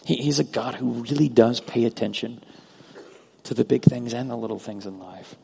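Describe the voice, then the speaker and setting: A man preaching a sermon as pastor, earnest, moving between loud emphasis and hushed prayer. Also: lowish voice, fairly even intonation, brisk, gravelly, breathy edge. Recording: long hall reverb.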